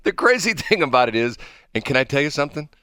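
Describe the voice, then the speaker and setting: A man's voice: a little high, sing-song, fast, bright, forceful tone, no echo, clean studio sound. A man hosting a morning radio show in casual banter, rambling, drifting off track and laughing often.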